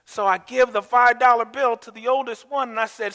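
High, bright-voiced preaching man. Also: steady tone, brisk, in a large hall. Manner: emphatic, repeats words, asks the congregation to answer. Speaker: pastor. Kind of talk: sermon.

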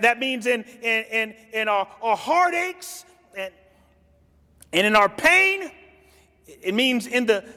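A male pastor preaching a sermon, telling the story dramatically and swinging from loud lines to hushed ones. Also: high voice. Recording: long hall reverb.

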